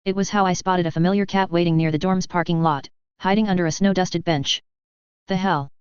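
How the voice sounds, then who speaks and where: An audiobook narrator reading fanfiction in an even, measured way. The voice is very smooth and clean, recorded dry with no room sound, and the audio is a little dull and lo-fi. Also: mid-range voice, no echo.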